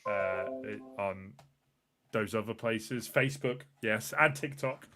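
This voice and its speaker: A man's voice: on the low side, slow, music in the background. Guy hosting a live podcast, loose rambly wrap-up, lots of ums. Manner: loose, rambling sign-off with filler words. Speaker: podcast host. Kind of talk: casual live-stream chat.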